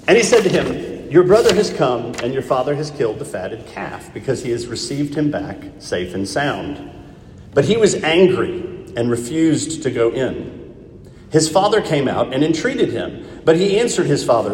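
A man's voice: a little high, a little mellow. A man preaching a sermon, reading scripture and asking his listeners rhetorical questions. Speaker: pastor. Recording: echoey hall, speaker far from mic.

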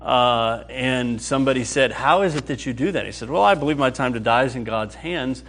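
A man's voice: mid-range voice, a little fast. Man preaching with acted-out prayers. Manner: animated, acts out quoted prayers, asks the audience questions. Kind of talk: sermon teaching on a psalm.

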